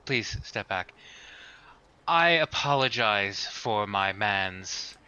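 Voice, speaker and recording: A man voicing a haughty, high-ranking noblewoman in a tabletop game, commanding and proper. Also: animated, slow pace, pushed and bright, clean tone, exaggerated voice. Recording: dull lo-fi mic.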